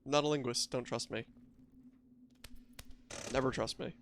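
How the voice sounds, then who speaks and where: A man's voice: medium pitch, fairly even intonation, measured pace, a little hiss or hum. A man casually chatting with his viewers while playing a game, joking and self-deprecating. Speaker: game streamer. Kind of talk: casual live-stream chat.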